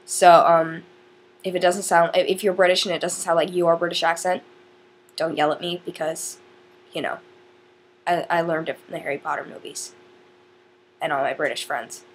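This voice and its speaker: A woman's voice: lowish voice, steady tone, normal speed, pauses often, a little hiss or hum. A woman vlogger chatting casually through a question challenge, giggly and rambling, often stopping to restart her sentences. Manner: chatty, giggly, self-interrupting.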